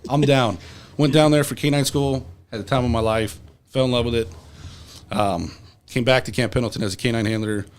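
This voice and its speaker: A man's voice: mid-range voice, fairly even intonation, brisk, clean tone. A young adult man, a podcast guest, telling rambling, profane stories in casual talk. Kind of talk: casual storytelling.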